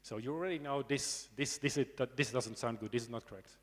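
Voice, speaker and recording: Here a medium-pitched man talks quickly while lecturing students on snakes in a conversational way. As a snake expert presenting at a conference, he keeps checking in through tag questions and dry asides, with a dryly humorous manner. Long reverb from the hall surrounds his voice.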